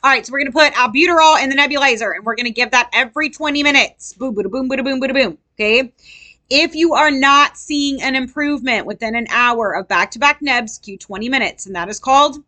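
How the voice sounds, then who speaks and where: A woman's voice: high-pitched, brisk, sharp tone. A woman tutoring nursing students in a casual review lesson, quizzing them and acting out patients.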